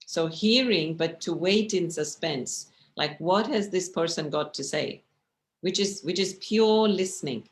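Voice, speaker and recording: In an online lecture with slides, a woman leads a communication class by video call, keeping it conversational and often asking how her audience is doing. She speaks unhurriedly in a lowish voice.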